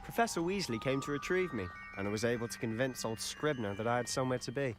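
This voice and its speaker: An actor playing a confident teenage wizard student in a video game, well-spoken, wry and self-assured. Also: male voice, mid-range voice, expressive, fast, lightly acted. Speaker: student companion. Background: game music.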